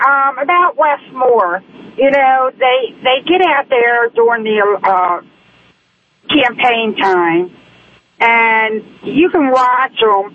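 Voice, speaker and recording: A woman calling in to a radio show, complaining in a slow, deliberate way. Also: high-pitched, a bit bright. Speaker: caller. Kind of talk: call-in opinion. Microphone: telephone. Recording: muffled phone line with faint hiss.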